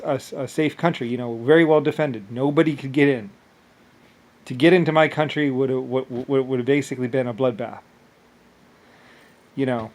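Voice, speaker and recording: Rambling man, stumbling over restarts. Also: mid-range voice. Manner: repetitive, stammering restarts; loose filler-heavy speech. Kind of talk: rambling first-person monologue.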